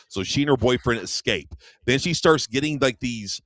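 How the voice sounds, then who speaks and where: A man's voice: mid-range voice, lively intonation, moderate pace, hardly any pauses, a bit bright, no room sound. A man co-hosting a radio show, casually retelling a movie plot and acting out the characters' lines. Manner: rambling storyteller, acts out quoted lines. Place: radio studio.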